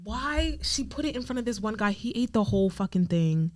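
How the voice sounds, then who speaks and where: A woman's voice: mid-range voice, expressive, fairly quick. A young woman co-hosting a podcast, telling a story in casual chat and filling it with "like". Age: young adult. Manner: rambling with constant "like" fillers. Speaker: podcast co-host.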